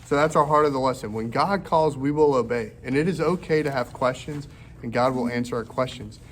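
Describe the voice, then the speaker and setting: A man teaching a children's Bible lesson in a lively way, acting out the voices in the story for young listeners. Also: mid-range voice, a little fast, a little hiss or hum. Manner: animated, acts out quoted voices for kids.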